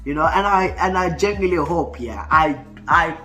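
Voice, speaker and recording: A man's voice: a little high, moderate pace, bright, forceful tone, soft background music. A man, ranting about football in a casual vlog, heated and full of stuttering restarts. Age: 20s. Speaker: football fan vlogger.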